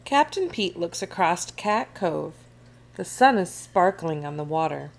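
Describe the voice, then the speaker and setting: A woman reading a children's picture book aloud in an expressive, animated way. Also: on the low side, a little slow, vocal fry. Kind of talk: storybook read-aloud.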